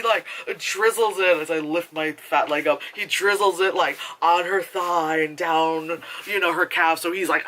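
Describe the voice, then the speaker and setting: A man giving a casual movie review vlog, animated and profane, laughing and acting out characters. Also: fairly high pitch, moderate pace.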